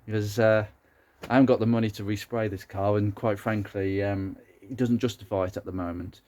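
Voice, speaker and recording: A man's voice: fairly low pitch, steady tone, brisk, darkish tone. A man with a Brummie accent chatting casually as he works on a car for his channel, rambling with plenty of fillers and restarts. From West Midlands, England. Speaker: car restoration YouTuber.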